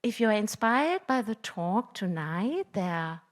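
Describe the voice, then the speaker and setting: A woman's voice: medium pitch, big pitch swings, unhurried. A woman introduces a guest speaker at a public lecture, hesitant and stumbling over words now and then. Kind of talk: formal introduction.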